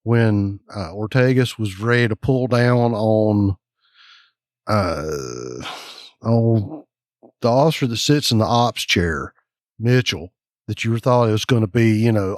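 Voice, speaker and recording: A man's voice: fairly low pitch, no echo, studio quality. A man co-hosting a casual podcast, speculating and musing aloud. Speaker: podcast co-host.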